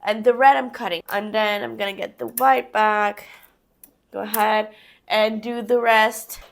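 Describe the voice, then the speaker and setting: This young vlogger's voice is mid-range and creaky, her intonation fairly even and her pace a little slow. She casually walks through a knitting project step by step, talking to herself while she works.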